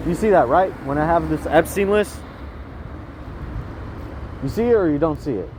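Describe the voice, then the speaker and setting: A man's voice: a little high, animated, moderate pace, a little mellow, a little hiss or hum. Agitated man rambling on a street. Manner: agitated, repetitive, keeps asking the viewer "you see that?". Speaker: vlogger. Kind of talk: rambling self-filmed monologue.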